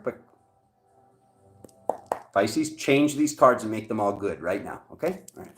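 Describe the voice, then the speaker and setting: A man giving a casual, animated tarot reading for each zodiac sign as the channel's host. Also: slow pace, pauses often. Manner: animated, excitable, jumps high in pitch. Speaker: tarot reader.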